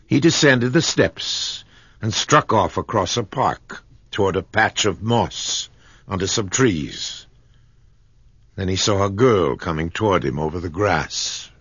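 Husky, low-voiced male narrator reading a classic story, unhurried and dry. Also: animated, a bit bright, dry recording, muffled recording.

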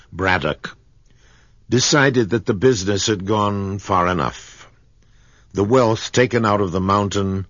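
Deep, husky male storyteller. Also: dry recording, muffled recording. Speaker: narrator. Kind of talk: storybook reading.

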